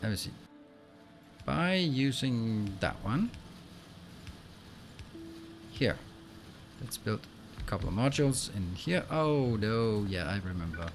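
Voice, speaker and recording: A man hosting a let's play, explaining what he does as he plays and filling pauses with frequent ums and uhs. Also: lowish voice, big pitch swings, noisy background. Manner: explains while playing, with frequent fillers. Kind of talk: gameplay commentary.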